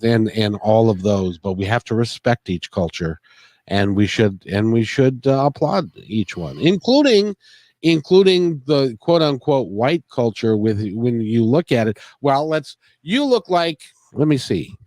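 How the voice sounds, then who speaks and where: A man hosting an easygoing interview, his pitch rising and falling in a lively sweep as he asks questions and agrees along. The recording is dry and close, with no room sound around him. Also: a little slow, no echo. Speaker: podcast host. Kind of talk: casual interview conversation.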